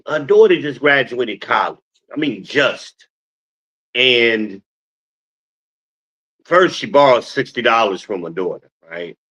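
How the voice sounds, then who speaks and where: A middle-aged man hosting his own stream, talking in an animated, scolding, preacher-like way. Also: mid-range voice, highs cut off. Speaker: podcast host. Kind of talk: casual streamed monologue, preaching.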